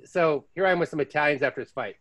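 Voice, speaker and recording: An American man hosting a podcast, telling stories in a chatty, casual way with lively asides. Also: a little high, rapid-fire. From United States. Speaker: podcast host. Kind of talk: casual chat.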